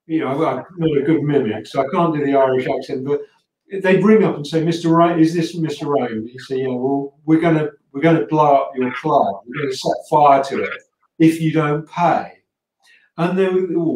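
A man's voice: on the high side, a little mellow. A man, an author guest on a video call, telling a long anecdote in a rambling, self-correcting way. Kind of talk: casual conversational storytelling. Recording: echoey room.

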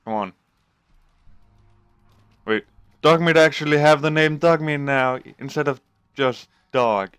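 A man hosting a gaming channel, giving let's play commentary with loud, sweary reactions to the game. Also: a little high, unhurried, long pauses, clean tone, dry recording, soft background music.

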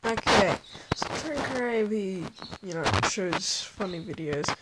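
A woman's voice: mid-range voice, animated, slow, very noisy. A woman chatting casually in a rambling, self-deprecating way as she ranks her favorite video makers. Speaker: YouTube vlogger. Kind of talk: casual vlog commentary.

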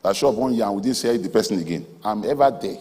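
A man preaching a sermon in a large auditorium, emphatic, swinging between soft asides and loud exhortation. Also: on the low side, expressive, very fast, husky. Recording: hall reverb from a large auditorium.

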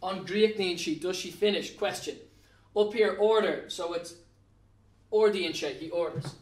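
Irish male teacher, higher-pitched, patient and plain, recorded off-mic in an echoey classroom. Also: normal speed, far from the mic. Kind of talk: recorded classroom lesson at a whiteboard. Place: classroom with a whiteboard.

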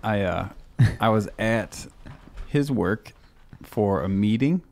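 A man's voice: on the low side, animated, takes it slowly, creaky, darkish tone. A man hosting a podcast, telling stories in a laid-back, jokey way. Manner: laid-back, jokey storytelling with quoted voices. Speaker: podcast host. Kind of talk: casual chat.

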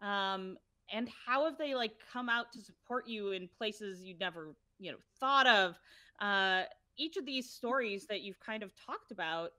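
Bright-voiced woman asking rambling questions. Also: mid-range voice, animated, a little slow, dry recording. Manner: rambling question with fillers, laughs easily. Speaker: interviewer, summit host. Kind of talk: conversational interview.

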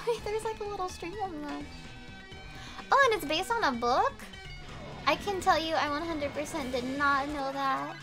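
A woman's voice: high voice, moderate pace, music in the background. A woman streaming a video game, chatting casually with her viewers, swearing and laughing often. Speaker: VTuber streamer. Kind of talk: casual gameplay commentary.

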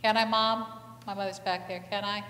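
A woman's voice: medium pitch, level tone, moderate pace, sharp tone. A woman pastor giving a conversational sermon, asking the congregation many questions and telling stories with animation. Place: church sanctuary. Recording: echoey church hall, faint ambience.

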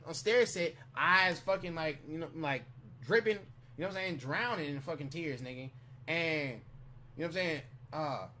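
Dude with a high bright voice rambling thru a story, swearing a lot, keeps restarting, bit of faint noise behind. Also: male voice. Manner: rambling, profane, repeats "you know what I'm saying"; animated retelling with quick restarts. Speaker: vlogger. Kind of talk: casual storytelling.

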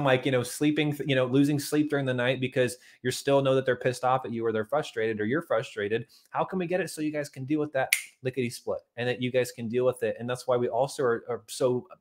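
A man coaching couples on money, talking in an energetic, chatty way and often calling his listeners "guys". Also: medium pitch. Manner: energetic, chatty, keeps saying "guys" and "okay". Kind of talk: motivational talk to couples.

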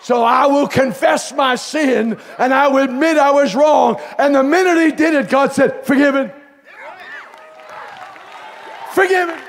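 A bishop preaching a fiery Pentecostal sermon at a live camp meeting, swinging from hushed folksy asides to shouted exhortation. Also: male voice, very high voice, normal speed, a faint crowd. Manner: folksy, calls listeners pet names. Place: live service before a congregation.

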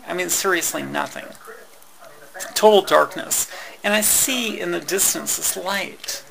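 A woman telling a personal story in a halting way, with many fillers, restarts and wry laughs. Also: on the low side, gravelly, sharp tone, poor audio.

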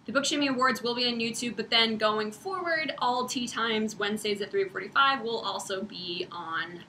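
Bright, chatty young woman host. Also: a little high, moderate pace, slight background noise. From Ohio, United States. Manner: chatty, upbeat, uses "like" a lot. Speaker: co-host of a book chat livestream. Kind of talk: casual chat.

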